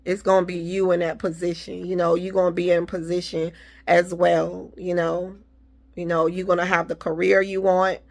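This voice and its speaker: A woman's voice: on the low side, level tone, moderate pace, gravelly, a little mellow. A woman talking casually to her viewers, giving faith-filled encouragement and repeating her reassurances. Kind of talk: casual motivational talk.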